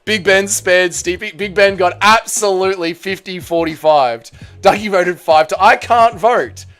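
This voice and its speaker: A man hosting a live stream, bantering with his chat and calling out vote counts in an excitable, teasing way. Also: high voice, measured pace.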